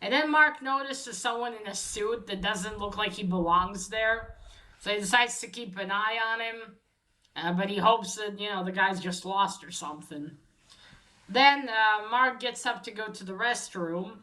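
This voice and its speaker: A woman's voice: medium pitch, measured pace, sharp tone, low-quality recording. A woman casually retelling a story in a rambling, hesitant way, with many fillers and self-corrections. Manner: chuckles while retelling. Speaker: host recapping a story.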